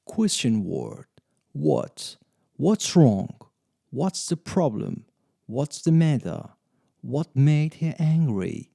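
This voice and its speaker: A man reads short lesson phrases slowly and with care. His voice is very dark and gravelly, and his pitch rises and falls a lot. It sounds close and dry, with no room around it. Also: wildly swooping pitch, no room sound. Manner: slow, deliberate drill reading. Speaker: English teacher. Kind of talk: slow scripted reading of example sentences.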